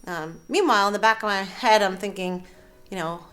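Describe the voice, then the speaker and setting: A woman in her thirties sharing her personal story in an earnest, halting way, with fillers and soft laughs. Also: mid-range voice, faint music behind. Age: 30s. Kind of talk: candid personal testimony.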